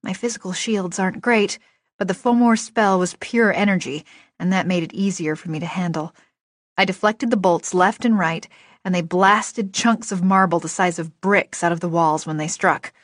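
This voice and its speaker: A woman narrating a first-person novel in a lively, expressive storytelling voice. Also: lowish voice, normal speed, no echo, clean studio sound. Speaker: audiobook narrator.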